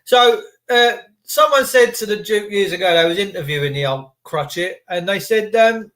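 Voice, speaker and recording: A rambling, chatty man with a high-pitched voice, hosting a casual live stream. He talks loosely and teasingly, greeting his viewers one by one. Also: expressive, moderate pace, fairly bright tone. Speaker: livestream host.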